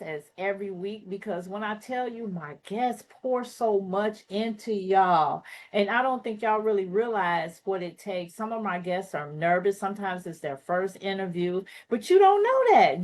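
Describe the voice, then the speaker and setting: A woman with a Southern US accent hosts a talk show over a video call. She talks in a chatty, affectionate way and jokes with her guest. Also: medium pitch. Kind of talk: lively casual talk show hosting.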